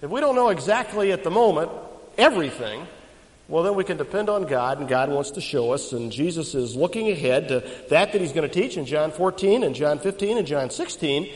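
A man's voice: fairly high pitch, animated, brisk, in a large hall, poor audio. A man preaching an expository sermon to a congregation. He is emphatic, often quizzing them with questions.

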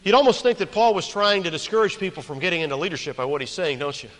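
Preacher with ringing hall reverb. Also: male voice, a little high, fast talker. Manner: emphatic, repeats key phrases for effect; storytelling with quoted characters. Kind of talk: sermon.

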